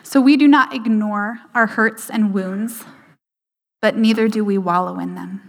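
A woman giving a sermon, slowing down for emphasis and dropping to a hushed voice for quoted lines. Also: mid-range voice, fairly even intonation, creaky. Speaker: speaker at a church service. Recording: hall reverb.

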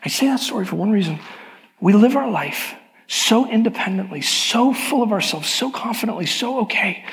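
A man's voice: high-pitched, expressive, moderate pace, vocal fry, fairly bright tone. A middle-aged male pastor giving a sermon, telling personal stories in a candid, confessional way. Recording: long hall reverb.

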